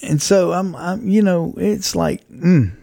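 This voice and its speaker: Podcast host, male, gravelly mellow voice, loose conversational monologue with chuckles, dry room. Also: sits high, expressive, slow, dry recording. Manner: conversational, rambling, chuckles often, faith-based reflection. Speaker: podcast host and radio broadcaster. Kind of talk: personal reflective monologue.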